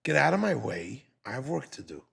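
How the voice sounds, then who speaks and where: A man voicing a scornful, boastful male angel of death who mocks loudly, in a high voice. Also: very animated, brisk, creaky, husky, exaggerated voice. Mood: impatient. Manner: mocking, high and loud.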